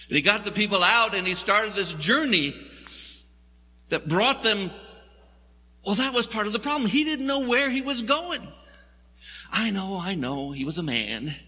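A man's voice: sits high, bright, forceful tone, slight background noise. A man preaching a sermon in a church, telling the story in a conversational, wry way. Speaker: pastor. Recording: long hall reverb.

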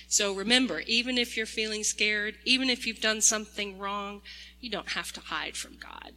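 Woman pastor, gentle children's storyteller, very bright tone, long church reverb. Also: medium pitch. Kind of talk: children's sermon. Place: large church sanctuary. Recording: echoey church hall.

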